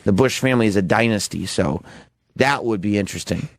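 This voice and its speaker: A man's voice: fairly low pitch, a little fast, no room sound. A man co-hosting a radio talk show, teasing and sarcastic, laughing often. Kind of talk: casual radio banter. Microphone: studio microphone.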